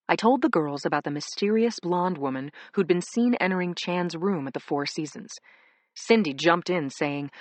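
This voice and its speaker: Low-voiced woman narrating a crime thriller. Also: normal speed, no room sound. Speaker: audiobook narrator.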